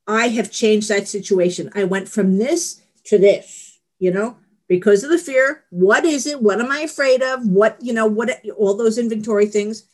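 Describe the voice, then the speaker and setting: A middle-aged woman with a fairly high, somewhat dark-toned voice speaks candidly at a support meeting. Her personal share rambles, and she laughs at herself as she goes.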